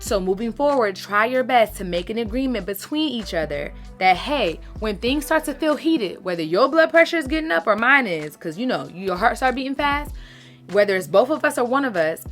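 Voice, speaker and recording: A woman's voice: mid-range voice, fairly bright tone. A woman, giving casual, emphatic advice to her followers as a lifestyle creator. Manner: chatty, emphatic, uses "sis" and "baby".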